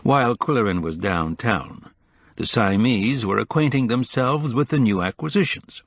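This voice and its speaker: A man reading an audiobook in a measured, even scripted narration. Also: medium pitch, no echo.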